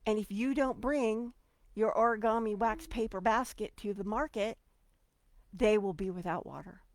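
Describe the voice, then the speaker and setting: A middle-aged woman hosting a motivational solo talk, animated and playful, swinging between loud bursts and quiet asides. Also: medium pitch, normal speed. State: getting emotional. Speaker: podcast host.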